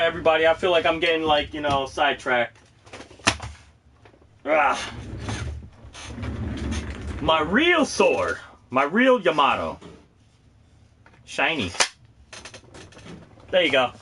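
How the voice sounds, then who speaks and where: A man hosting a casual livestream, rambling excitedly and often breaking into laughter. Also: medium pitch, slight background noise. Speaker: host of a gaming and cosplay channel.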